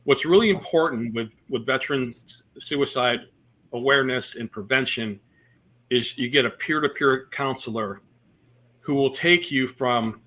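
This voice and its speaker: Interview guest: a man with a bright, forceful voice, a comic storyteller. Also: mid-range voice, unhurried. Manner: storytelling with jokes and many fillers. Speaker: comedian guest. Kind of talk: casual interview chat.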